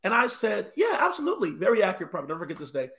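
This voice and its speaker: High-pitched guy guesting on a church talk, earnest, trips over his words. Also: lively intonation, very fast, creaky, fairly bright tone. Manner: earnest storytelling with stammered restarts. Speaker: guest, apostle. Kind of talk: casual ministry discussion.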